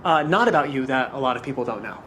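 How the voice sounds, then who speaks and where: A woman's voice: very deep voice, expressive, quick pace, fairly bright tone, slight background noise. A woman interviewer firing off upbeat questions outdoors in the countryside. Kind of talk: rapid-fire interview questions.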